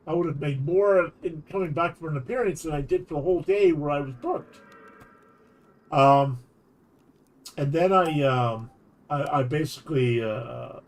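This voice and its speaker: A man's voice: a little high, normal speed, vocal fry. A man streaming while telling a long anecdote in a casual, rambling way, often restarting his sentences. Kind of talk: casual storytelling chat.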